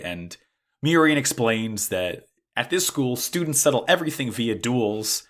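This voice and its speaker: A man's voice: medium pitch, expressive, unhurried, a bit bright. A man co-hosting a podcast, recapping an anime in a rambling, casual way, full of "like" and restarts. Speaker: podcast co-host.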